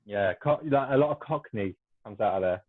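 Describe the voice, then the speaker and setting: Fast-talking British man on a tinny line. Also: lowish voice, animated. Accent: British English. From Essex, England. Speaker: podcast guest. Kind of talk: casual podcast chat. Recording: tinny phone-like call audio.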